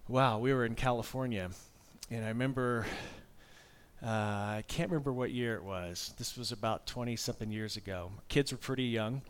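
A middle-aged man in his fifties delivering a sermon at an ordinary pitch. He talks like he is chatting with the congregation, mixing candid personal storytelling with casual asides. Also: moderate pace, smooth. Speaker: preacher.

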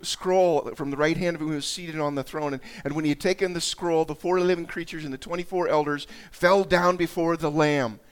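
A man preaching a conversational sermon, often repeating and restarting words and raising his voice when he reads scripture aloud. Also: fairly high pitch. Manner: conversational, dramatic rises in voice while reading scripture. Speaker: pastor.

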